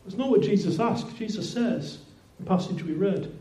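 A man's voice: high-pitched, moderate pace, mellow. A man preaching a sermon in a conversational way, often repeating words and restarting phrases. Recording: roomy echoing hall.

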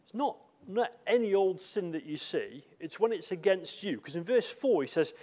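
A man's voice: sits high, expressive, moderate pace, darkish tone. A man giving a sermon in a church, talking conversationally with asides and filler words. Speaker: preacher.

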